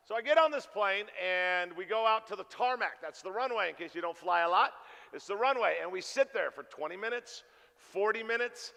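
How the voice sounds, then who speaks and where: A pastor preaching a sermon, telling a funny story in an animated way and acting out the dialogue. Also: male voice, high voice, vocal fry. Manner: animated, jokey, acts out dialogue. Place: church sanctuary. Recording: reverberant church hall.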